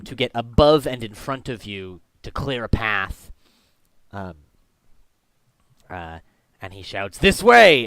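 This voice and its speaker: A man's voice: on the low side, a bit bright, clean tone, dry recording. A man running a tabletop game as game master, narrating the scene with frequent ums and uhs.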